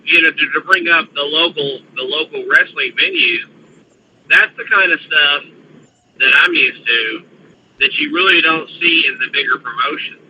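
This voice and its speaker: A man chatting as a guest on a podcast and looking back on old memories in a relaxed way. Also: fairly high pitch, normal speed, highs cut off, a little hiss or hum. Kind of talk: casual chat.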